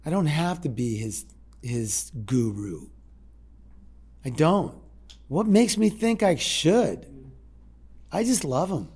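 A man in his sixties sharing a heartfelt personal story in a halting way, with repeated words and restarts. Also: a little high, very animated, a little mellow, husky. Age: 60s. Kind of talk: personal testimony talk.

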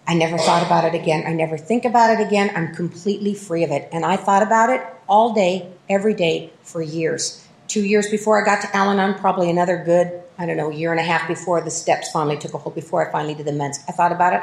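A middle-aged woman telling her recovery story at a meeting, self-mocking and lively, full of fillers and restarts. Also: fairly low pitch, brisk, roomy sound. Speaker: speaker sharing at a recovery meeting. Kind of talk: personal recovery testimony.

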